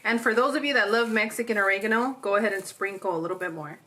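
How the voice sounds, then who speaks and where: A woman's voice: medium pitch, fast talker, pushed and bright. A woman hosting a home cooking show, walking through a recipe step by step in a playful, chatty way, laughing often, recorded in a home kitchen. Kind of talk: cooking demonstration.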